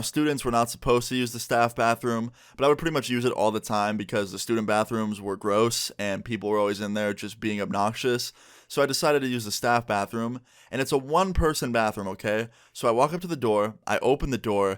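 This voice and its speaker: A man's voice: mid-range voice, fairly bright tone, no room sound, studio quality. A young man telling a storytime tale to camera in a casual, chatty way, often checking in with the listener. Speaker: vlogger. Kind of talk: storytime narration.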